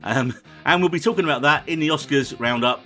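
A man hosting a casual podcast, rattling off the rundown at a brisk clip. His voice is bright and forward, and he teases his co-host drily between items. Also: on the high side, faint music behind. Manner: quick, dry and teasing, running the episode rundown.

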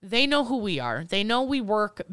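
A woman's voice: medium pitch, big pitch swings, normal speed, a bit bright, clear, resonant tone, dry recording, clean studio sound. A woman co-hosting a podcast, chatting casually and acting out the people in her story. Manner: chatty storyteller, acts out quotes, laughs often. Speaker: podcast co-host, retail vendor rep. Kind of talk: casual chat.

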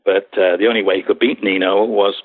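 A man's voice: fairly low pitch, fairly even intonation, fast, husky, no room sound. A man from England, a podcast guest, telling stories in a rambling way with many hesitations, heard over a phone line. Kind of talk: interview podcast storytelling. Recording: tinny dry phone line.

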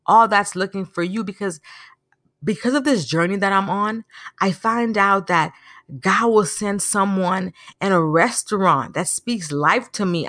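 A woman's voice: fairly low pitch, fairly bright tone, dry recording, studio quality. A woman hosting a podcast, giving an earnest, preachy motivational talk and telling stories with animation. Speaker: podcast host. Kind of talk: motivational monologue.

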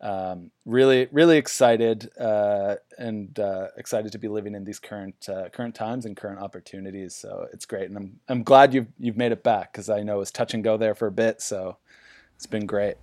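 A man's voice: fairly low pitch, fairly even intonation, normal speed, darkish tone, dry recording, clean studio sound. A man hosting a parody business podcast, rambling and hyped with lots of fillers. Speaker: host.

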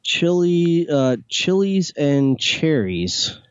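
A man's voice: on the high side, big pitch swings, drawn-out words, clean tone. A man co-hosting a casual chat, chiming in with short, easygoing reactions. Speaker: co-host. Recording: dull lo-fi sound.

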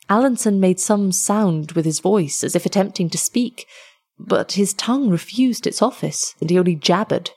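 A woman reading an old tale aloud in a measured, expressive way. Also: medium pitch, breathy edge. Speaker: storyteller.

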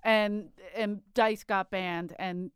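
Woman, smooth clear voice, dry close sound, frank and chatty. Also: mid-range voice, steady tone, slow pace, no room sound. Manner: frank, chatty storyteller, laughs often, swears. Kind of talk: casual chat.

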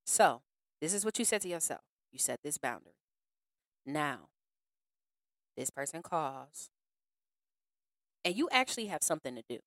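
A woman's voice: low-pitched, moderate pace, long pauses, no room sound, studio quality. Frank, slangy woman podcaster. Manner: frank and slangy, animated, acts out other people. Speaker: podcast host. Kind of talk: casual podcast monologue.

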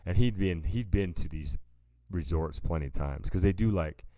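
Speaking at a moderate pace, a man with a low, mellow voice co-hosts a podcast in clean studio sound without echo. His manner is relaxed as he rambles through a casual story, throwing "dude" at the listener constantly.

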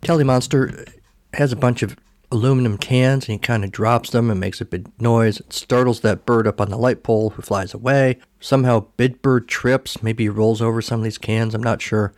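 A man's voice: medium pitch, steady tone, normal speed, darkish tone, no room sound, clean studio sound. A man hosting a podcast, recapping a film casually in a rambling, self-correcting way. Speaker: podcast host.

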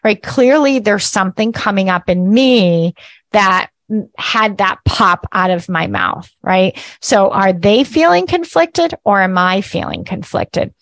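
A woman gives a casual spiritual teaching, talking chattily and tossing in "right?" as she goes. Her voice sits in a middle pitch and laughs come easily. The sound is dry and close. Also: measured pace, no echo. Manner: chatty, often ends with "right?"; lively, laughs at herself.

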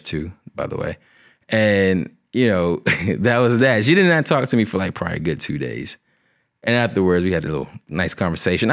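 Man, low voice, casual comedic storytelling, swears a lot, laughs mid-sentence. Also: gravelly. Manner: profane, animated, laughing asides.

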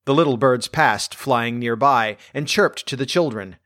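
A man reading a fairy tale aloud in a gentle, measured storytelling manner. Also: medium pitch, dry recording, studio quality.

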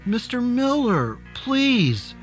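A frightened pregnant young woman, tearful and pleading, her voice pitched up high and bright in a slow audiobook telling, as a male narrator puts her on. Faint music plays behind. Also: expressive.

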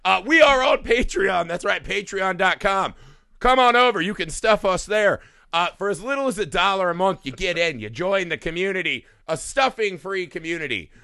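A man hosting a podcast in casual banter, loud, joking and swearing freely. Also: high voice, lively intonation, moderate pace, gravelly, no room sound, clean studio sound. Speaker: podcast host.

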